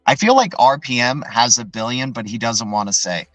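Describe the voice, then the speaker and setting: A man's voice: mid-range voice, lively intonation, moderate pace, fairly bright tone, no echo, soft background music, rough recording. A man hosting a live stream in a loose, rambling way, tagging his points with "right?" and answering viewer chat as he goes. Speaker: livestream host.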